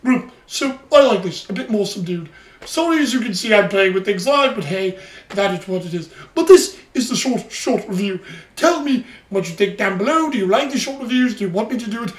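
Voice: mid-range voice, animated, brisk. An anime review host chatting through an episode recap in a rambling way, playing with a put-on British cockney voice. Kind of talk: casual solo episode review. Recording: roomy echo, distant from the mic.

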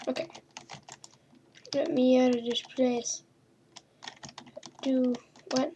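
A woman's voice: high voice, steady tone, slow, long pauses, dark tone, lo-fi sound, slight background noise. A woman hosting a gaming video, giving playful horror-game commentary and talking to the characters on screen. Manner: chatty, talks to game characters, mild swearing. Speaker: gaming channel host.

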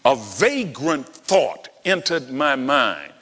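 Male preacher, animated storyteller who acts out dialogue, bright voice, long hall reverb. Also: mid-range voice, takes it slowly. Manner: dramatic storytelling, acting out dialogue. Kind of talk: sermon.

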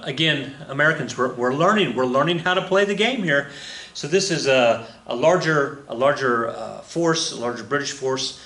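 This casual, rambling history lesson comes from a man whose medium-pitched voice is bright and forceful. He keeps using fillers, restarting thoughts and chuckling. The lecture is recorded in an echoey room with a flag on the wall.

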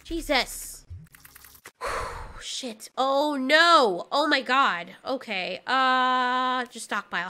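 A woman giving excitable let's play commentary, reacting loudly and swearing when startled. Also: high voice, extremely slow, clean tone. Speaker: gaming channel host.

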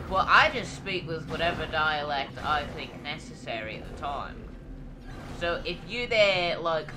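A man voicing a chatty, grumpy male gnome bard who rambles in character with a shifting put-on accent while playing a video game. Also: fairly high pitch. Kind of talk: role-play commentary over a video game. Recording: clear background noise.

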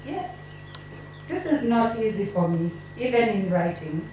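A woman reading tributes at a memorial service, her delivery emotional, halting and tearful. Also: mid-range voice, warm tone. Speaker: family member giving a eulogy. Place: memorial gathering in a large hall. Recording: echoey hall from far off, faint noise.

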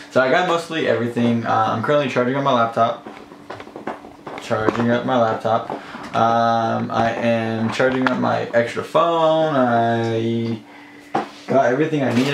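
A young man chats through his day in a loose, easygoing ramble, his throat a little rough. His voice has a gravelly edge at an ordinary middle pitch. It is caught on a handheld camera in a roomy space with a faint hiss behind it. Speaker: vlogger. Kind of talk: casual vlog narration. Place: car, then at home indoors.

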